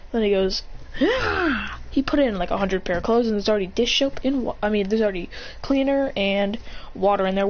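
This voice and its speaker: A woman's voice: mid-range voice, a little hiss or hum. A woman telling an improvised story in a rambling way, full of restarts and sound effects, on a dull lo-fi recording.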